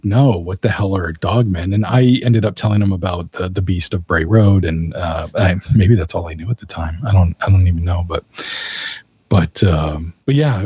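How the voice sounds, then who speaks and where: A man's voice: sits low, darkish tone, slightly rough, no echo. A man who is a guest author, telling a story in a casual, vivid way and using fillers like "you know".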